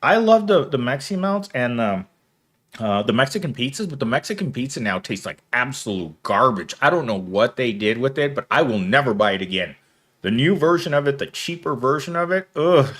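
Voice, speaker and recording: A man's voice: mid-range voice, big pitch swings, a little fast, a bit bright. A man, hosting a casual livestream, reading viewer comments aloud and rambling with frequent laughter. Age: 30s. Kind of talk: casual chat.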